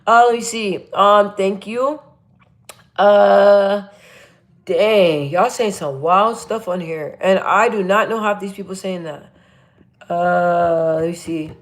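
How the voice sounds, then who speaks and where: Chatty woman on a livestream, deep voice pushed up a bit, blunt, lotsa energy, mid pitch. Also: slow. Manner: chatty, blunt and energetic, full of fillers and restarts. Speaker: live streamer reading chat comments. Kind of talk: casual live-stream chat.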